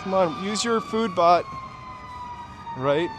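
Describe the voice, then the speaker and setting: His voice sits high, swooping wildly in pitch, and he takes his time speaking. He's a New Hampshire livestream host walking a city street at night, rambling through nostalgic tales and talking to viewers as cars pass and the city hums in the background.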